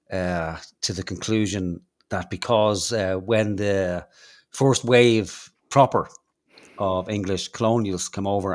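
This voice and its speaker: Irish male podcast host, low voice, rambling and sweary. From Ireland. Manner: rambling, swears freely, many ums. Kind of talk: casual chat.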